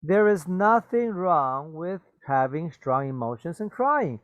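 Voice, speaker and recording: Guy teaching english vocab slowly, repeats stuff, glosses, keeps saying okay? right?, dry close sound. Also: a little high, sing-song, no echo, dull audio. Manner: repeats and explains words, switches into Mandarin glosses, frequent "okay?" and "right?". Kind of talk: bilingual vocabulary lesson.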